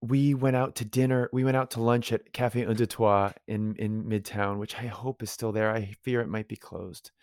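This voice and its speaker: An effusive male actor chats as a guest, wandering from story to story with real enthusiasm. His voice sits a touch low, recorded close and dry with no room around it. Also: fairly even intonation, moderate pace, few pauses, a little mellow, no echo. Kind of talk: casual interview chat.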